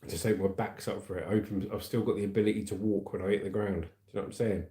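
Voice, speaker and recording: A man's voice: fairly low pitch, steady tone, rapid-fire, mellow. A man hosting a casual livestream, rambling as he reads out viewer comments and calls them mate and brother. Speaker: livestream host reading chat. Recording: roomy echoey room.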